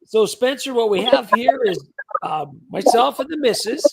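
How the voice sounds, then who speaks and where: A man runs a casual live stream chat, joking and telling rambling stories. His voice sits high and has a husky rasp to it. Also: lively intonation, moderate pace. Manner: jokey, rambling storyteller who reads out chat comments.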